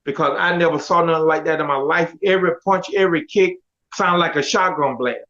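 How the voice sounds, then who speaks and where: High-voiced man telling his story. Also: a little fast. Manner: animated, quotes others in dialogue. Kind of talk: casual storytelling. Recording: dull lo-fi audio.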